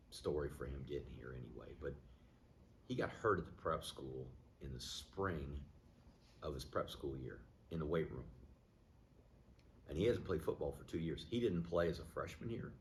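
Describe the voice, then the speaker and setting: Very deep-voiced middle-aged football coach. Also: male voice, a little hiss or hum. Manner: plainspoken, measured, thinking aloud. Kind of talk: post-game media interview.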